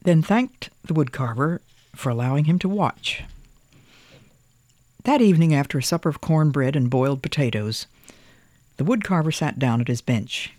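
A storyteller reading a picture book aloud in a gentle, expressive way. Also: medium pitch, normal speed, pauses often, no room sound.

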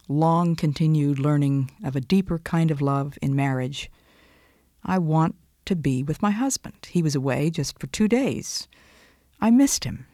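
A woman giving an earnest, expressive devotional talk, dropping now and then into soft whispers. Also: deep voice, dry recording, clean studio sound. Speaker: devotional speaker.

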